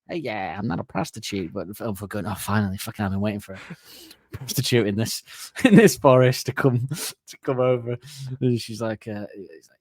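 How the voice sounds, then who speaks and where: A man's voice: on the low side, lively intonation, moderate pace, darkish tone, no room sound, studio quality. A man co-hosting a comedy podcast, laughing often and acting out silly cartoon voices as he picks apart song lyrics. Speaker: podcast co-host.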